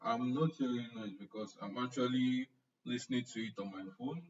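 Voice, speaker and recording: A man's voice: medium pitch, normal speed. Joking Nigerian man on muffled stream. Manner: chatty and joking, answering chat comments by name. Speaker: online class instructor. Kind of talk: casual chat with a live-stream audience. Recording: muffled, distant live-stream audio.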